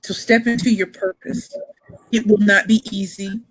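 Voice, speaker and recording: A woman pitch coach telling her story as a motivational speaker, emphatic and repeating phrases for effect. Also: fairly even intonation, normal speed, slightly rough, dry recording, poor audio.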